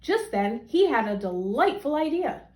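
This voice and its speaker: A woman teacher reading a children's story aloud for young listeners, her voice high and leaping around expressively. The sound is roomy, with a clear echo. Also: unhurried. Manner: animated, expressive.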